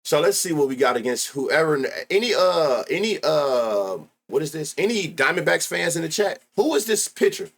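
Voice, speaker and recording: A man runs a sports betting livestream and talks loosely to his chat, full of slang and swearing. His pitch swings widely, jumping high when he gets worked up. He sits close to a desk mic. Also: moderate pace, hardly any pauses. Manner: loud excitable outbursts, heavy profanity, slangy. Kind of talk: casual live-stream chat.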